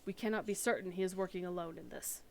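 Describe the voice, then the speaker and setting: A woman's voice: lowish voice, steady tone, fast talker, background noise, close to an everyday voice. A woman reading the part of a formal, anxious male noble who breeds chocobos, in old-fashioned speech, for a game. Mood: earnest.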